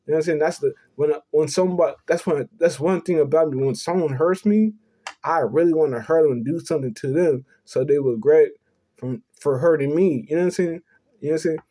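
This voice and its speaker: A man's voice: a little high, a little fast, mellow. A young man telling a personal story in an earnest, confessional way, rambling and repeating himself. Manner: rambling, repeats "you know what I'm saying". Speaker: vlogger.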